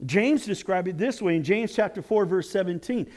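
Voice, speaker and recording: A man preaching a sermon as pastor, telling stories and jokes with lively acted quotes. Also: high-pitched, normal speed, few pauses.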